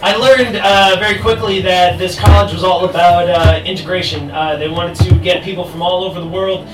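A young man with an American accent reads poetry to a live crowd, his voice sitting a little higher than usual for a man. He trades halting, self-deprecating asides for slow, careful delivery in the poems. The sound is roomy and picked up from a distance, with music clearly audible behind him. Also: steady tone. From United States. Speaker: poet. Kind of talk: live spoken word poetry reading. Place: stage in a live venue with an audience.

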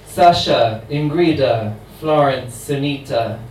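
Man voicing an immortal voodoo queen, sassy and tired of the centuries; unhurried, heard from a distance. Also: mid-range voice, darkish tone, faint music behind, lightly acted. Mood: wry. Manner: sassy, wry monologue delivery. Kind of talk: dramatic poetry reading. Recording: roomy, distant mic, faint ambient noise.

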